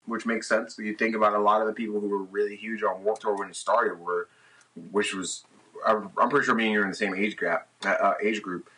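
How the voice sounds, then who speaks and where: A man's voice: on the low side, level tone, a little fast, sharp tone, slight background noise, rough recording. A young man, a guest on a podcast, telling a tour story in casual, profane chat and acting out his own past lines. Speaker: podcast guest, touring musician.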